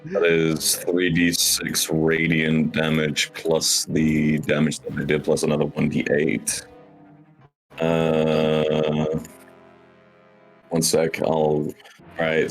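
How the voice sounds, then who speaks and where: Very deep-voiced man playing a tabletop game. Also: vocal fry, rough recording. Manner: methodical, thinks aloud while tallying dice. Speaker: player. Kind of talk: casual tabletop game talk.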